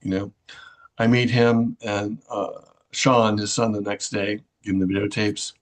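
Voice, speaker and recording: A middle-aged man telling a personal story in a halting way, with many fillers and restarts. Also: fairly low pitch, little pitch movement.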